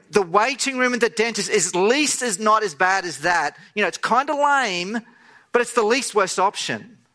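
A man preaching a sermon, telling a story and acting out the voices in it with animated delivery. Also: high voice.

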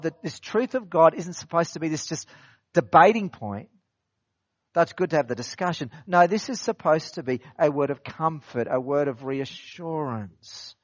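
A pastor with a fairly high voice delivers an expository sermon in a relaxed, conversational style, repeating phrases for emphasis and posing rhetorical questions to his listeners. The recording is dry and a bit dull.

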